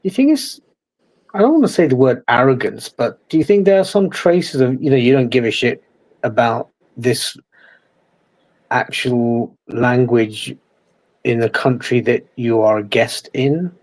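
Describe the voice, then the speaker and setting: Male guest, curious, mid-pitch, easygoing chat. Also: unhurried, a little mellow, low-quality recording. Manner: curious, asks probing questions. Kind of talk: casual chat.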